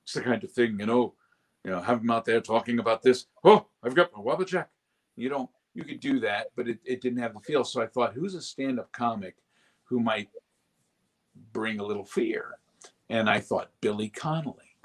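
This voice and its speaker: A man's voice: mid-range voice, moderate pace. A male voice actor talking animatedly in an interview, slipping into character voices as he goes. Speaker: voice actor, guest. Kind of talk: casual interview talk.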